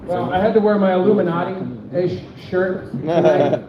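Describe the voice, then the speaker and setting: A man's voice: sits high, a little slow, crowd noise. A man doing a rambling stand-up set, chatting with the audience. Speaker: stand-up comic. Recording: echoey dull recording from a distance.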